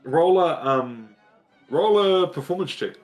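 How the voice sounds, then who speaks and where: A man narrating a tabletop game as game master, pausing often with ums. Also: a little high, animated. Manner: hesitant, many ums.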